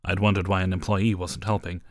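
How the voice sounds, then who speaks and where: A man's voice: low-pitched, little pitch movement, fairly quick, gravelly. A man narrating personal stories in a wry, matter-of-fact way. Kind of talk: storytelling narration.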